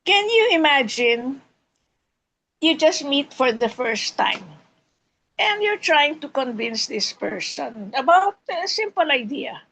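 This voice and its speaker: High-voiced woman hosting a club meeting. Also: very animated, slow pace, fairly bright tone, poor audio. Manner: teasing, acts out silly quoted voices. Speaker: table topics master.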